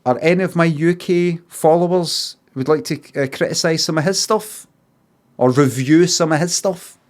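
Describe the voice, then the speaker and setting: Sweary Scottish man ranting. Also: fairly high pitch. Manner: swears freely, acts out both sides of arguments in quick asides. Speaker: streamer. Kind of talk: casual storytelling rant.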